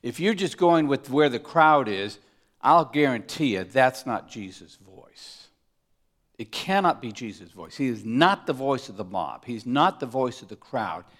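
A man preaching a sermon, emphatic, moving between loud stresses and hushed asides, often asking his listeners rhetorical questions. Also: medium pitch. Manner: asks the congregation rhetorical questions. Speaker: pastor.

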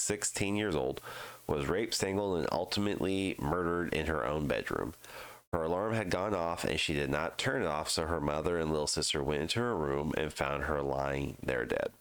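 Very deep-voiced congested man. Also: animated, fairly bright tone. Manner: halting, with fillers and restarts. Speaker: true crime podcast host. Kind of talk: casual reading of a news article.

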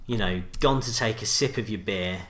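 Bright-voiced man, teasing. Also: lowish voice, moderate pace, slight background noise. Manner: dry teasing questions, laughs along. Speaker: podcast co-host. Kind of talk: casual chat.

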